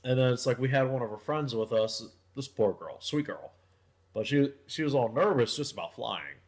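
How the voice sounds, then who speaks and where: A man's voice: mid-range voice, expressive, normal speed. A young man co-hosting a podcast in casual chat, telling rambling, profane stories that often drop to a mutter. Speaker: podcast co-host.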